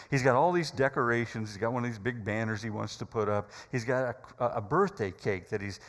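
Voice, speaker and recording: A man's voice: medium pitch, a bit bright, in a large hall. A man preaching a sermon, telling a story dramatically with hesitant fillers.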